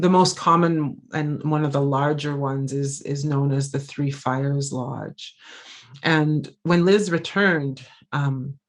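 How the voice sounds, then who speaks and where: A woman giving a lecture, telling a personal story in an earnest, reflective way, pausing often and restarting her phrases. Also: low-pitched. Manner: reflective, halting, with frequent pauses and restarts; earnest, heartfelt. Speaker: visiting scholar giving a lecture.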